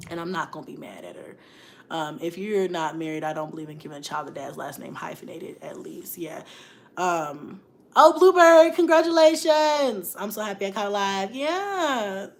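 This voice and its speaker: Candid laughing woman, lowish voice. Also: animated, normal speed, creaky, a little hiss or hum. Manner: frank, emotional, laughs often, reads viewer comments. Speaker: mom vlogger on a livestream. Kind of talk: candid livestream chat.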